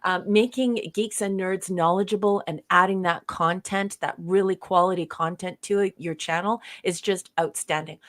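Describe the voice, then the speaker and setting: A woman co-hosting a live stream, effusive and warm with viewers, laughing often in casual chat. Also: on the low side, steady tone, normal speed, hardly any pauses. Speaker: co-host of a live streamed show.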